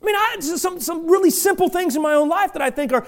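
A middle-aged man preaching a sermon to his congregation in church. He speaks with passion, often shouting, and stumbles through restarts with self-deprecating humor. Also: very high voice, quick pace. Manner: impassioned, repeatedly shouting. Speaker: pastor.

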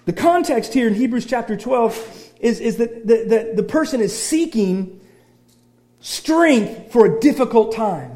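Male pastor, high-pitched, sermon delivery with big swings from soft to shouted, repetitive restarts. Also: expressive, unhurried. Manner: repeats and restarts phrases.

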